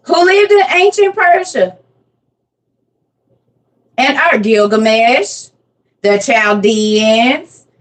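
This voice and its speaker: Lively woman in her forties teaching scripture. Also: fairly high pitch, far from the mic. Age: 40s. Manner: playful, quizzing the listeners. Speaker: Bible teacher. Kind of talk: casual Bible teaching.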